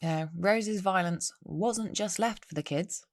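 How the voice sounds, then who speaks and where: A woman's voice: mid-range voice, slow pace, dry recording. A woman hosting a solo true-crime podcast, telling the story with chatty, wry asides. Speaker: podcast host.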